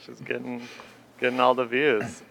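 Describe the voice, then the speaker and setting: A man's voice: medium pitch, level tone, moderate pace, vocal fry, fairly bright tone. A man in a casual film discussion, talking in a laid-back, rambling way.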